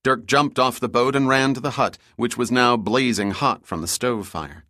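A man narrating an audiobook thriller in a steady, measured storytelling manner. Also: mid-range voice, no room sound, studio quality. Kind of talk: scripted narration.

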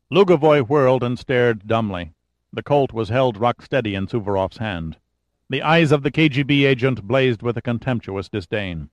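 Man reading a thriller audiobook, steady and measured, dry close mic. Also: mid-range voice, no echo. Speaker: audiobook narrator. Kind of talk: scripted thriller narration.

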